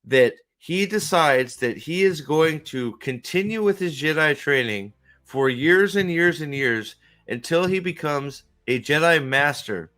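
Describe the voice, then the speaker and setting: A man's voice: on the high side, expressive, unhurried, a bit bright. A man hosting his stream, ranting casually with lots of swearing, restarts and repeated words. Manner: profane, rambling, repeats himself. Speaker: streamer host. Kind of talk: casual rant.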